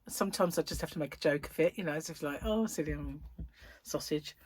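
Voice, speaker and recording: A middle-aged woman with a husky voice, hosting a rambling, casual chat and telling anecdotes with frequent laughs. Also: sits low, very fast, darkish tone. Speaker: host.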